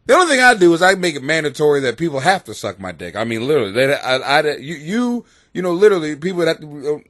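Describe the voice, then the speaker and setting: A man with a somewhat high, very animated voice rants crudely from his basement, swearing freely and wandering from point to point. The sound is close and dry. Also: quick pace, few pauses, dry recording. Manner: crude, blunt and rambling, with frequent swearing. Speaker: host. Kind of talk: profane comedic rant to camera. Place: home basement.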